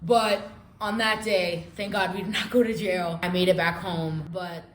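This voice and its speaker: A woman telling a wild personal story in an animated, profane, casual way. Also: lowish voice, normal speed, roomy sound, a little hiss or hum.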